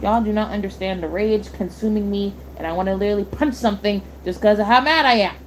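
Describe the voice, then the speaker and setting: A woman's voice: medium pitch, fast, a little hiss or hum. A young woman streamer ranting, heated and blunt, swearing and repeating herself. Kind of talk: angry rant on a live stream.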